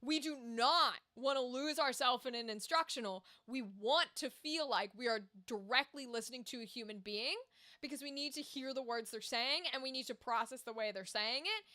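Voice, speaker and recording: High, bright-voiced woman chatting candidly. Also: normal speed. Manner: candid, swears freely, chatty asides. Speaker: voice actor streamer. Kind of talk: casual livestream chat.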